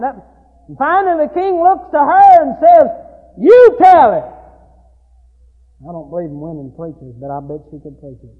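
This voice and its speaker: High-pitched preacher in a tinny echoing hall. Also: male voice, very animated, normal speed, pauses often. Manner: dramatic, swings between loud shouted passages and low quiet asides. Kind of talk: sermon. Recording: tinny phone-like sound with long hall echo.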